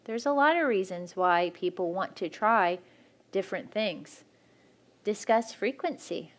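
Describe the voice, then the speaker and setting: A woman's voice: medium pitch, lively intonation, unhurried. A woman speaking frankly and practically at a church marriage workshop, teaching couples.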